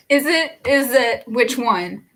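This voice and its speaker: A woman's voice: a little high, lively intonation, slow pace, a bit bright. A young woman, a singer-songwriter hosting a casual livestream, chatting, laughing often and reading viewer comments aloud.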